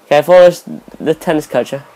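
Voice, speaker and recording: A man's voice: fairly high pitch, fast, dark tone. A young man giving rambling, self-correcting let's play commentary over his gameplay as a gaming YouTuber.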